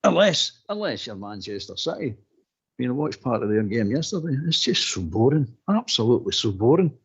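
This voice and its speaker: An animated man talking football in casual chat. He repeats himself and laughs through his sentences. His voice sits in a middle range, and the stream audio sounds dull and lo-fi. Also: medium pitch, brisk, husky.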